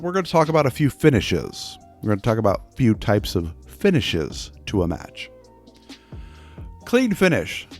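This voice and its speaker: Slow-talking casual male instructor. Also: medium pitch. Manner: chatty, jokey asides, puts on voices for examples. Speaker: wrestling class instructor. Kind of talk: casual spoken lesson.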